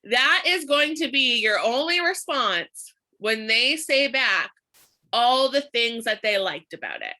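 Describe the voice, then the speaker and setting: A woman runs a live online training in an upbeat, emphatic way and laughs often. Her voice is very bright and forceful, and pitched a little high. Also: big pitch swings, slow pace. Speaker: social media trainer.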